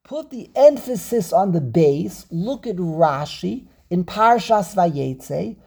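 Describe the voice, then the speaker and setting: A man's voice: sits high, animated, slow, gravelly, warm tone, slightly rough. A man teaching an online scripture class over a video call, stressing and repeating his key points with frequent "okay"s. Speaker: Torah teacher.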